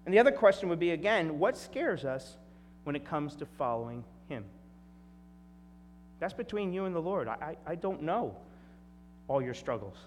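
Man preaching a sermon in a reverberant hall. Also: a little high. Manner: animated preaching, from loud asides to quiet emphasis. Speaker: pastor. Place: church hall. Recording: reverberant hall, faint hum.

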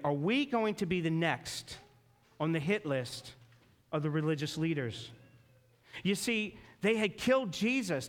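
A man preaching a sermon as a pastor, earnest and storytelling, slowing down and dropping low for emphasis. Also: fairly bright tone.

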